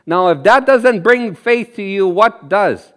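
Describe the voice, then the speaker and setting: High-voiced man preaching with animated energy. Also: measured pace. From Canada. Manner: animated, laughs often, acts out quoted voices. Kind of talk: sermon.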